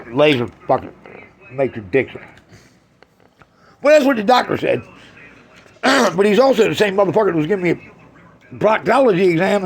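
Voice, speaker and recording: A man doing a crude, brash stand-up routine on a club stage, swinging from loud jabs to low mutters. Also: creaky. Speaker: stand-up comedian.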